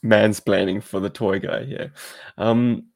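A man's voice: on the low side, fairly even intonation, slow pace, vocal fry, darkish tone. A South African man co-hosting a podcast, chatting casually and explaining things at length. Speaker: podcast co-host.

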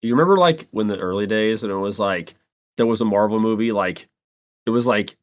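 A man in casual podcast chat, blunt and profane, reacting quickly to his co-host. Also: on the low side. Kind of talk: casual movie review chat.

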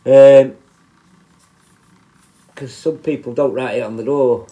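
A man's voice: mid-range voice, fairly even intonation, slow, warm tone, rough recording. A man, a former prison officer hosting a podcast, telling work stories in a blunt, sweary, rambling way. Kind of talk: casual storytelling monologue.

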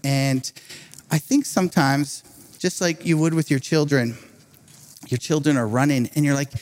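A man delivering a sermon in a fairly high voice, lively and conversational. He tells his story with quick restarts and little laughs between phrases. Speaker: preacher.

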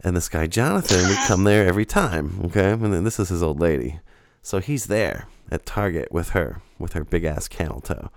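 Low-voiced, profane man telling a rambling story. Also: normal speed, dry recording, studio quality. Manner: profane, rambling and animated, with frequent laughter. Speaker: podcast co-host. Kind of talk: casual storytelling chat.

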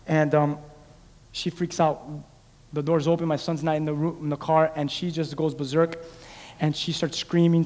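A man preaching a sermon, calling on the congregation and swinging from loud exhortation to hushed storytelling. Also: on the high side. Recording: live in a reverberant hall.

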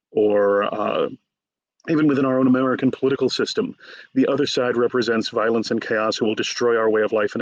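A man, an author guest in a conversational interview, retelling stories in a lively way and acting out the quotes. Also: mid-range voice, no room sound, lo-fi sound. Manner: animated storyteller, acts out quotes.

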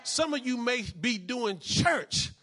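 Male pastor, high bright voice, call-and-response preaching. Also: lively intonation, slow. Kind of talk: sermon.

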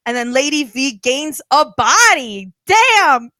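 A young woman co-hosting a podcast in casual chat, animated and giggly, scattering "like" through her talk. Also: high-pitched, moderate pace, no room sound. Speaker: podcast co-host.

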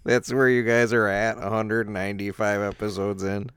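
Male podcast co-host, very deep, laid-back teasing banter, smooth clear voice. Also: flat delivery, moderate pace, a bit bright, dry recording. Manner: laughs often, teasing. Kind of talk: casual chat.

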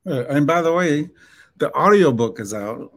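A man with a Southern US accent, a book author talking as a podcast guest in a relaxed way, mumbling some words and laughing often. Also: on the high side, normal speed. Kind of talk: podcast interview.

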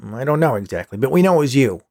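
A man's voice: mid-range voice, big pitch swings, fast, darkish tone. A man voicing a menacing schoolboy bully who talks in a threatening, accusing way.

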